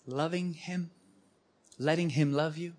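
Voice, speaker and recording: A man preaching to a live audience, telling stories with animated emphasis. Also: a little high, unhurried. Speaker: guest preacher. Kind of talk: storytelling sermon.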